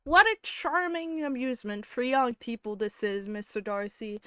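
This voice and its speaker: A woman voicing a genial, chatty older gentleman in a hearty, sociable manner. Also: fairly high pitch, expressive, normal speed, clear, resonant tone, dry recording.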